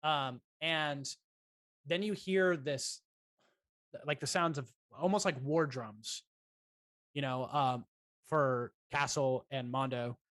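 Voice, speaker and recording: A man's voice: mid-range voice, no echo. Man running a tabletop game. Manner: relaxed, halting, many fillers and restarts. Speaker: dungeon master.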